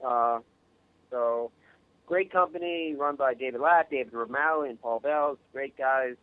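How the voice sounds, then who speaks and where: A man from Long Island, New York calls in to a radio interview as a guest filmmaker, his voice thin and tinny down a phone line. His talk is modest and rambling, full of halting restarts. The sound is dry and close. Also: mid-range voice, smooth, dry recording. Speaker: guest, actor and director.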